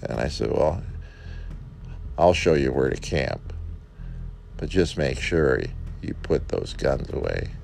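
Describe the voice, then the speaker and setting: Male park ranger recounting a story and voicing everyone in it, with a gravelly fry. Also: rumbling low, big pitch swings, slow pace, pauses often, darkish tone, slight background noise. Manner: acts out the dialogue, quoting each speaker. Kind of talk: telling a personal anecdote.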